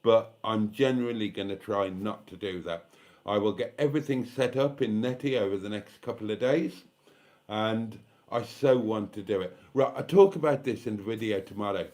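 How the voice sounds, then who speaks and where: A man's voice: on the low side, normal speed, a little mellow. A tired, slightly tipsy British man in his fifties, chatting casually on a live stream and reading out viewer comments, swearing now and then. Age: 50s. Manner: chatty, swearing, self-deprecating. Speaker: vlogger hosting a live stream.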